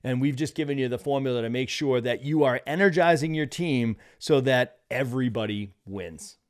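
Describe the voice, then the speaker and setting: Animated man coaching business owners. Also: medium pitch, moderate pace. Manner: animated, repeats "right?", laughs often. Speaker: podcast co-host, business coach. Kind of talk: energetic coaching talk.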